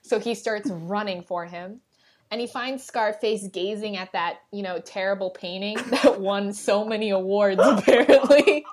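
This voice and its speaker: A woman co-hosting a casual podcast, her voice sitting at an ordinary middle pitch. She talks with animation, laughing often as she recaps episodes. She slips into quick impressions of the characters along the way. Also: a little hiss or hum. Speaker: podcast co-host. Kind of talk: casual chat recapping a show.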